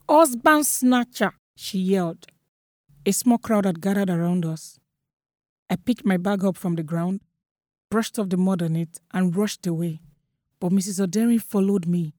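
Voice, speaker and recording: A young woman with a Nigerian accent telling a first-person story in a steady, matter-of-fact way. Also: lowish voice, no echo, studio quality. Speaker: narrator.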